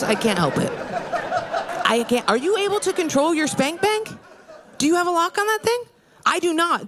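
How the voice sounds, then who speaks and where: A woman stand-up comedian on a club stage, telling brash, crude stories with an animated delivery and frequent laughs. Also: high voice. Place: comedy club stage before a live audience. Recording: live show recording with crowd and noise.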